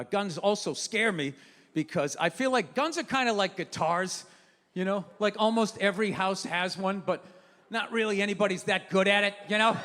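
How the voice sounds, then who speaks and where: Ranting high-voiced comedian in a big hall. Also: male voice, a little hiss or hum. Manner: ranting, profane, shifts between loud outbursts and low asides. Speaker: stand-up comedian. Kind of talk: stand-up comedy routine. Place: live comedy venue. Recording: live venue hall reverb.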